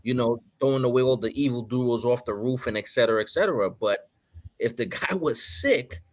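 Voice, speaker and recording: A man's voice: medium pitch, brisk, no echo. A man co-hosting a podcast, explaining points in an emphatic, casual way. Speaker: podcast co-host. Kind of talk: casual chat.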